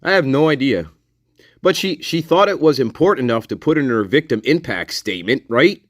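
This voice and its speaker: A man's voice: medium pitch, lively intonation, fairly quick, no room sound, studio quality. A man hosting a casual live discussion, rambling, repeating himself and swearing freely. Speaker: livestream host.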